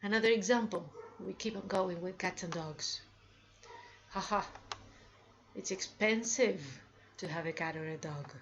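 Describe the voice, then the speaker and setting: A woman teaching English with a fairly low voice, speaking very slowly and deliberately and pausing to ask her listeners if they follow. The recording sounds dull and lo-fi, with a faint hiss behind her. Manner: slow, deliberate, asks learners rhetorical questions. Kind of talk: slow classroom explanation.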